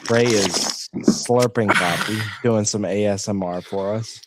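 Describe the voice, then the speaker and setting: A man's voice: fairly low pitch, measured pace, heavy background noise. A man co-hosting a sports podcast, talking in a laid-back, agreeable and dry way. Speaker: podcast co-host. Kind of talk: casual chat.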